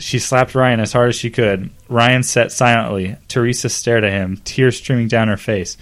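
A man's voice: medium pitch, steady tone, moderate pace, hardly any pauses, a bit bright. A man reading fan fiction aloud as a comedy podcast host, acting out the dialogue and breaking into laughs. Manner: reads dramatically, breaks into laughter and asides.

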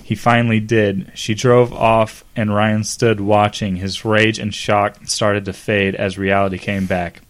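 A man's voice: on the low side, level tone, unhurried, few pauses. A man reading fan fiction aloud as a comedy podcast host, acting out the dialogue and breaking into laughs. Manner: reads dramatically, breaks into laughter and asides.

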